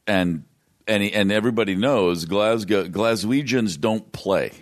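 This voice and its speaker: A man with a low voice tells a tour story in loose conversation. He rambles, restarts his sentences and laughs as he goes. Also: a little slow. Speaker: guest musician. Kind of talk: casual storytelling.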